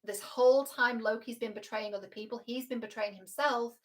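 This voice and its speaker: A woman relationship coach giving casual reaction commentary, frank and animated, swearing freely. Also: on the high side, a little fast.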